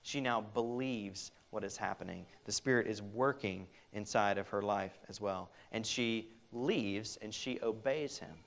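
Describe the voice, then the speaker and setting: A man's voice: lowish voice, unhurried, vocal fry, hardly any pauses, a bit bright. A man preaching a sermon, speaking earnestly and directly to his listeners, often restarting his sentences. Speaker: pastor.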